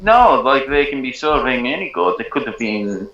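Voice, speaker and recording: A man's voice: mid-range voice, big pitch swings, normal speed, fairly bright tone. A man playing a tabletop game, chatting in a wry, lecturing way. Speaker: player. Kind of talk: casual tabletop game chat. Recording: echoey room, dull lo-fi sound.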